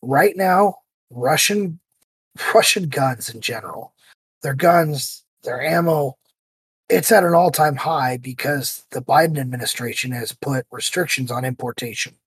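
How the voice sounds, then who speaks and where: A man hosting a podcast, telling stories in a casual, animated way and acting out the voices he quotes. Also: medium pitch, measured pace, husky, no room sound. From United States. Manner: animated storyteller who acts out quoted voices. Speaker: podcast host.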